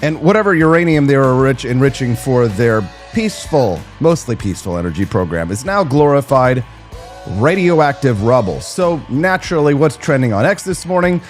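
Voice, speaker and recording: A man's voice: medium pitch, sing-song, normal speed, soft background music. A man hosting a talk show, delivering an opinionated, sarcastic monologue and swearing freely.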